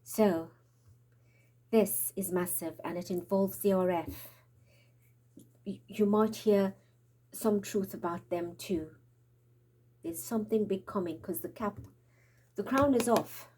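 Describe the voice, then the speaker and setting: A woman's voice: mid-range voice, slow, pauses often, mellow. A woman giving a tarot reading in an urgent, prophetic way, out of breath and trembling, sometimes dropping into whispers. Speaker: tarot reader. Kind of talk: spiritual tarot reading monologue.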